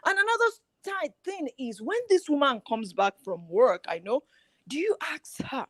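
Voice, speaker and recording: A middle-aged woman, a guest on a relationship talk show, telling lively stories and acting out bits of dialogue. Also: high voice, normal speed, dry recording. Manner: animated storytelling, acting out quoted dialogue. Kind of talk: casual chat.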